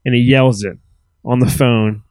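Brief: forties man, mid pitch, dry sound, animated casual chat. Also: unhurried, no room sound, poor audio. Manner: chatty, animated, swears casually. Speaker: podcast co-host. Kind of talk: casual chat about films.

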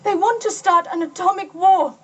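A woman's voice: extremely high pitch, normal speed, muffled recording. An actress playing a young woman pleading urgently with a robot. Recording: TV clip with loud music.

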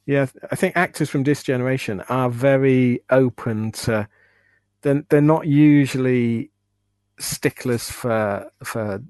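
A man co-hosting a laid-back podcast who mostly chimes in with short replies and laughs. His pitch is ordinary for a man, and the sound is dry and close. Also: slow pace, darkish tone, clear, resonant tone, no room sound. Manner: brief agreeing replies, laughs along. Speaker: podcast co-host. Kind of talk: casual chat.

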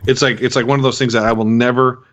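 A man's voice: medium pitch, flat delivery, fast talker, a bit bright, highs cut off. A man co-hosting a podcast, rambling enthusiastically about his collectibles in casual chat. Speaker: podcast co-host.

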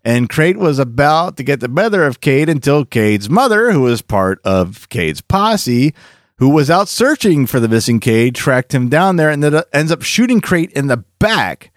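A man's voice: fairly high pitch, sing-song, normal speed, dry recording, studio quality. A man hosting a podcast, recapping comic lore in a chatty storytelling way with jokey asides. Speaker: podcast host.

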